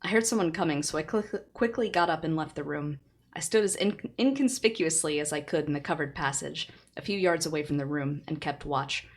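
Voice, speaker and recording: A woman's voice: sits low, a little fast. A woman streamer reading a light novel aloud and chatting with her viewers, laughing often.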